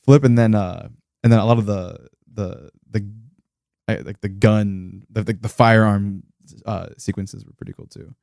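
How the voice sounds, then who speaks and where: A man's voice: on the low side, steady tone, gravelly, a little mellow, no room sound, studio quality. A man on a podcast talking casually about movies, hesitant and searching for words. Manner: halting, many fillers and restarts. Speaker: podcast co-host.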